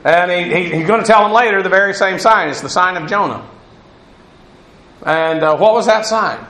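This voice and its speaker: A man's voice: sits high, moderate pace, sharp tone. A man giving a verse-by-verse Bible teaching, talking in a discursive way with many restarts and asides. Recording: roomy echo.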